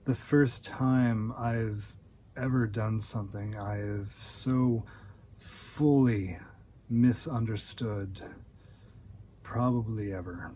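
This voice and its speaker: A man quoting a numb woman in a dry monotone. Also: fairly low pitch, a little hiss or hum, pitched below the performer's own voice.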